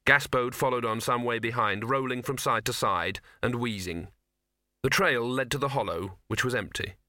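A male audiobook narrator with a bright, forceful tone who tells the story expressively. His voice is close and dry, with no room around it. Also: medium pitch, normal speed, no echo. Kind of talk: scripted narration.

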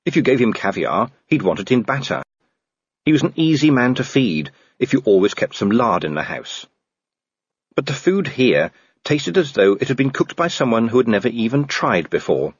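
A man reading fantasy fiction aloud as an audiobook narrator, wry and measured, on a slightly dull, dry recording. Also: fairly low pitch, slightly rough, dry recording.

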